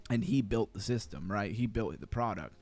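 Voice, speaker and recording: Fast-talking man streaming crypto charts. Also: on the low side, a little mellow, no room sound, soft background music. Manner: fast-talking, easily sidetracked, chatty. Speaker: crypto livestream host. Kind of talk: casual livestream chart analysis.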